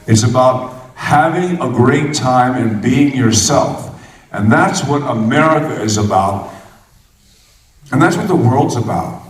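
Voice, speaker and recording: A man in his sixties telling rambling, jokey stories to a convention crowd. His voice sits at an ordinary middle pitch. The room is echoey and the mic picks him up from a distance. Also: slight background noise. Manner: rambling, chatty, jokey anecdotes. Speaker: celebrity guest speaking at a fan convention. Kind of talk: casual on-stage storytelling. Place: convention hall stage. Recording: echoey hall recorded from far off.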